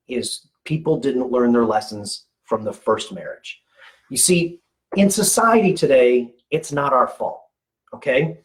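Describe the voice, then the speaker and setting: A man's voice: mid-range voice, sing-song, measured pace, low-quality recording. A man in his forties giving a casual motivational talk for medical practice owners, conversational, restarting words and often checking in with "okay?".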